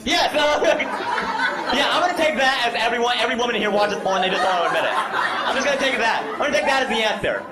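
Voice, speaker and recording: On a comedy club stage before a live audience, a man does self-deprecating stand-up and banters with the crowd. His voice is very high-pitched and lively, and he talks fast. The echoey live recording picks up audience laughter over a noisy crowd, with heavy background noise.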